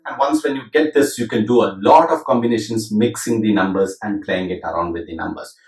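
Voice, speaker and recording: A man's voice: lowish voice, brisk, far from the mic. A middle-aged man teaching percussion, counting beats aloud and reciting drum syllables in rhythm. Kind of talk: demonstrating rhythm lesson. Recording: roomy echo with drum music.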